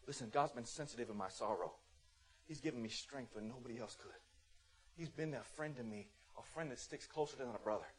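Speaking at medium pitch, a male preacher shifts from loud rebukes to soft, sincere testimony during his sermon, playing out short exchanges in rapid voices.

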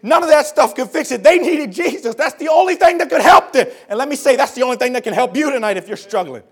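A man preaching a sermon to a congregation, dropping to a hush and rising to shouts, repeating phrases for emphasis. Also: very high-pitched, expressive, fast talker, breathy edge.

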